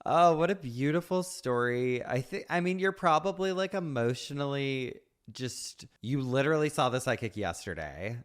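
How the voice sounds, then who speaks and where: A woman's voice: rumbling low, expressive, moderate pace. A woman co-hosting a podcast, bantering playfully and reading out a listener's post. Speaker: podcast co-host.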